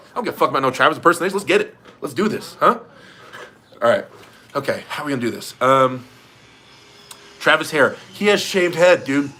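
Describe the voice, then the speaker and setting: A man's voice: mid-range voice, pushed and bright. A man hosting a casual livestream from his garage, joking and reading out viewer messages. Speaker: livestream host. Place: home garage.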